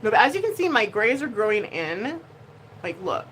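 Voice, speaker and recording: A woman vlogger talks straight to her camera in a loose, casual way. Her voice leaps around in pitch with a bright, forward edge, and she keeps moving between quiet mutters and sudden loud bursts. A faint hiss sits under the recording. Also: moderate pace, poor audio. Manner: animated, expressive, swings between soft and loud. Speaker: YouTuber.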